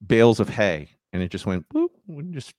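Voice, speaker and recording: A man's voice: on the low side, sing-song, moderate pace, darkish tone, no echo. Laid-back joking man, dry sound. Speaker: podcast co-host. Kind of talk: casual chat.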